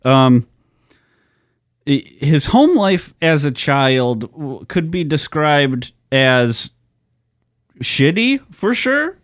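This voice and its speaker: A man's voice: fairly high pitch, very animated, very slow, pauses often, no echo. A man co-hosting a true-crime podcast, chatting casually with joking, profane banter. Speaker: podcast co-host. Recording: dry, close podcast recording.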